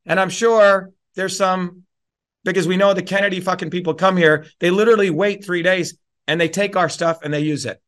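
A man's voice: high voice, fairly even intonation, moderate pace, a bit bright. A man speaking at a town hall, explaining science in a lecturing way and then ranting in a profane, heated, combative manner. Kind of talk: lecture turning into an angry rant.

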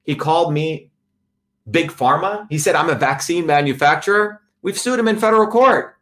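A man's voice: fairly high pitch, moderate pace, a bit bright. A man giving an impassioned political talk to a live audience, emphatic and repetitive, building his points with lists. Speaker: speaker addressing a live audience.

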